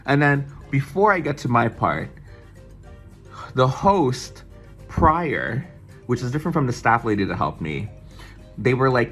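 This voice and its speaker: A man tells a vlog story in a casual, gushing voice and gasps with excitement. His pitch swings widely while he speaks at an unhurried pace. Soft music plays faintly behind him. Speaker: vlogger.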